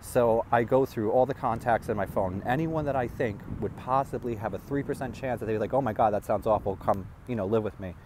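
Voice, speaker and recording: A man telling a rambling personal story as a vlogger, halting and restarting as he talks. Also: medium pitch, a little mellow, a little hiss or hum.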